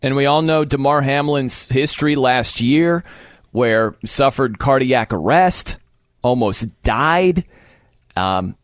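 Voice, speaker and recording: A man's voice: mid-range voice, lively intonation, slow pace, dry recording. A man co-hosting a sports radio show, chatting casually, joking and laughing often into a studio mic.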